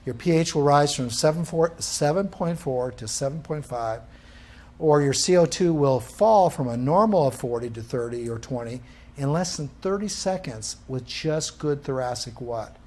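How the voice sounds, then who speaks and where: Animated man lecturing a class. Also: fairly high pitch, normal speed. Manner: quizzing the class with questions, animated. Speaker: instructor. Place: classroom with a live audience.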